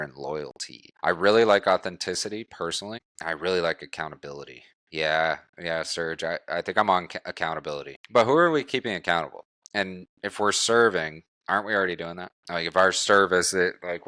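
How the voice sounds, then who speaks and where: A man coaching a group on wholesaling real estate, talking in a brisk, blunt way and swearing casually. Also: deep voice, bright, forceful tone, clear, resonant tone, no echo, studio quality.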